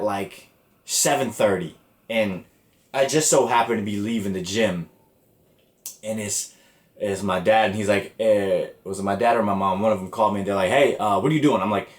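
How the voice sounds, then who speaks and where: A young man hosting a podcast, telling a story casually and with a lot of swearing. He sounds exasperated as he acts out the conversations. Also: lowish voice. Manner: animated, profane, exasperated retelling with quoted dialogue. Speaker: podcast host. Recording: roomy echo.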